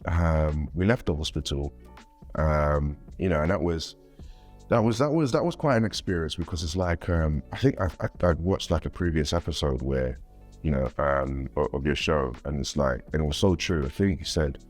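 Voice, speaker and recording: A man's voice: extremely low pitch, moderate pace, soft background music. A man talking casually as an interview guest, rambling and repeating words. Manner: rambling, repeats words, animated when quoting others. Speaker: guest father.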